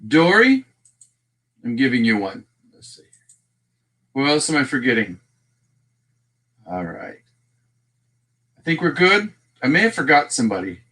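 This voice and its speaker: Bright-voiced Texan man hosting a livestream. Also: mid-range voice, big pitch swings, moderate pace, long pauses. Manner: chatty, reads out and greets viewers by name. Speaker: livestream host. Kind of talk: casual livestream chat.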